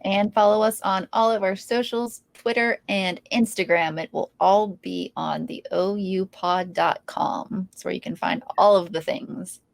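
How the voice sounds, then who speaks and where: A woman co-hosts a casual podcast, enthusiastic and steady as she talks to listeners. Her voice sits at a middle pitch. The recording is dry and close. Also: unhurried, creaky, few pauses, dry recording. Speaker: podcast co-host.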